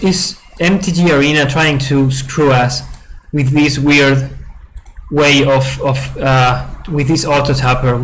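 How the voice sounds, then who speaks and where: A young man narrates his card game in a relaxed, unhurried way, his voice sitting a little high. He stumbles and repeats himself, laughs easily, and keeps apologizing to his opponent. A faint hiss sits under the recording. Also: poor audio. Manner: giggly, apologetic, stammering restarts. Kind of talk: casual gameplay commentary.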